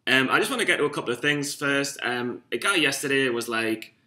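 In an echoey room, a young Newcastle vlogger with a Geordie accent chats casually, rambling, cursing, and being self-deprecating. His voice sits at medium pitch, with lively intonation, a sharp tone, and a slightly quick pace.

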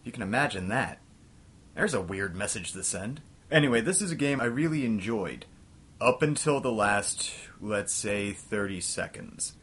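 Husky man hosting a sarcastic game review. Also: on the low side. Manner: dry, sarcastic, self-deprecating. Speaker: game reviewer, show host. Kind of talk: scripted retro game review with outtakes.

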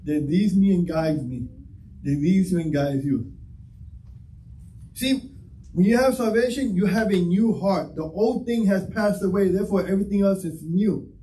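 A man's voice: sits high, normal speed, warm tone, slight background noise. A man preaching a sermon as pastor, talking conversationally and acting out little dialogues. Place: church sanctuary. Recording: echoey church hall, mic from a distance.

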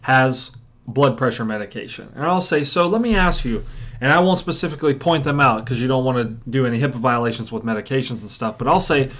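A chiropractor teaching a workshop method, telling patient stories and acting out what patients and audience members say. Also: male voice, mid-range voice. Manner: storytelling, acts out patients and audience. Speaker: chiropractor and coach. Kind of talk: teaching a seminar.

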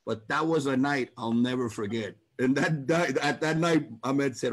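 A man's voice: mid-range voice, normal speed. A man telling a boxing story in a casual talk-show chat, acting out the voices of the people in it. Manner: animated, acts out voices in his story.

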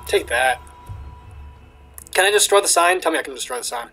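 A young man commenting on a game he is playing, excitable, swearing, with lots of fillers. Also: a little high, normal speed, soft background music, low-quality recording. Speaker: gamer. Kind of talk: let's play commentary.

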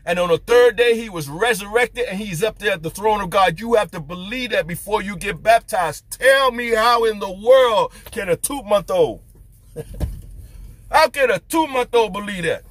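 A man's voice: high voice, lively intonation, normal speed, a bit bright. A man preaching as a street preacher, fervent and firing off rhetorical questions. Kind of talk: preaching to camera.

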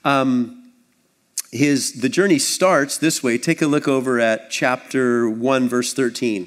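A man preaching a sermon as pastor, conversational and animated, acting out little scenes with asides. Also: mid-range voice, slow. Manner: animated, acts out voices and scenes.

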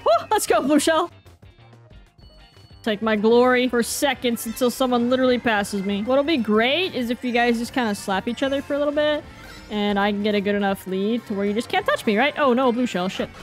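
A woman giving casual live gameplay commentary, excitable and self-mocking, with slang and mild swearing. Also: fairly high pitch, fairly quick, soft background music. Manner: excitable, groans and cheers at every turn. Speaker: gaming video creator.

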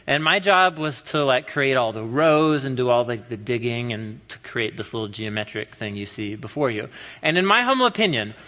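Speaking at medium pitch and a moderate pace, this thirtysomething Pacific Northwest pastor delivers a joking, conversational sermon as an animated storyteller. The big hall of the church sanctuary adds long reverb.

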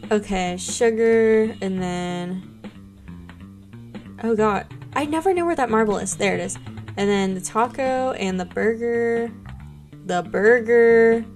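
Over faint music, a young adult woman chats while live-streaming a game, bubbling over with thanks to her chat. She speaks in a mid-range, slightly mellow voice, unhurried and pausing often.

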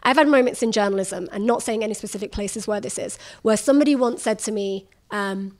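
A woman journalist in her thirties, telling candid stories in a lively way, laughing often and acting out the people she quotes. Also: medium pitch, a little fast. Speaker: journalist guest. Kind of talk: candid conversational storytelling.

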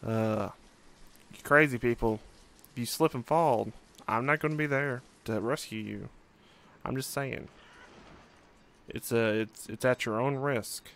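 A young man talks through a strategy game at an unhurried pace, wondering aloud and trailing off with "um" and "uh" as he weighs each choice. His voice is smooth and clear, and his pitch sits in an ordinary middle range. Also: fairly bright tone. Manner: musing, thinking aloud with frequent fillers. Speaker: let's play host. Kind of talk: casual gameplay commentary.

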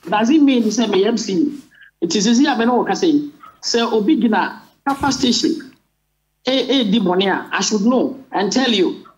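A man's voice: high voice, expressive, moderate pace. Ghanaian guy on the phone, defensive, keeps restarting, dull muffled line. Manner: protesting, repeated stammering restarts. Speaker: municipal chief executive, phone-in guest. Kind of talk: defensive answers over the phone.

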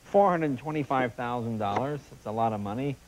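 A man hosting a talk show, running a comedic monologue of joke headlines with animated punchlines and asides to the audience. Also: medium pitch, brisk, rough recording. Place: TV studio stage. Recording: TV studio with audience laughter and noise. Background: studio audience laughter.

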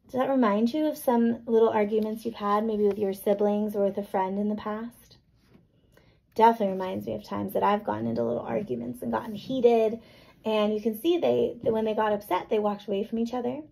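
A woman teacher reading a picture book to children, gently explaining and checking in with little questions. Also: mid-range voice, fairly quick, gravelly, rough recording. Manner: gentle, checks in with "right?" and "okay?".

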